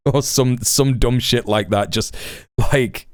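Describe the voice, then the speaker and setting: Male streamer, emphatic and earnest, smooth clear voice, close dry mic, frequent "you know"s. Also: on the low side, expressive, slow, no echo. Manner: earnest, emphatic, lots of fillers and restarts. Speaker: Twitch streamer. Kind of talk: livestream commentary.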